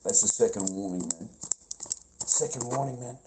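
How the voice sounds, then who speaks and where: A man's voice: normal speed, background noise. A man on a live stream, talking to his chat in a profane, confrontational way, calling everyone mate and brother. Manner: trails off into low mumbling. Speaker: livestreamer.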